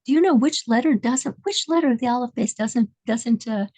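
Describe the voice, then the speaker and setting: Brief: woman reading the lines of a tender, coaxing old rabbi, high-set voice. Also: fairly quick, darkish tone, dry recording, rough recording. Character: gentle elderly rabbi addressing schoolchildren.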